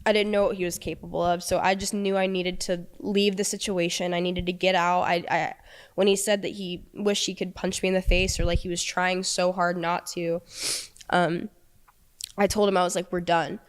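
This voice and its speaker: Young woman, interview guest, halting emotional account, low voice, smooth and clear. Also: little pitch movement. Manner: halting, emotional retelling with many restarts.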